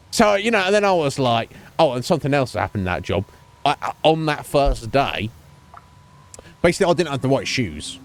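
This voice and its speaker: A young man streaming, telling a profane, animated story about a coffee job and acting out the people in it. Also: mid-range voice, normal speed, pauses often. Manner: profane, animated ranting with voiced quotes. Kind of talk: ranting story while streaming a game.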